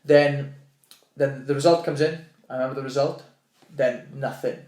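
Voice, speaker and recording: A young Welsh man, a podcast guest, telling stories in casual chat, animated and swearing, acting out what people said. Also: mid-range voice, normal speed, echoey room. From Wales. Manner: animated, swearing, restarts and acts out quotes.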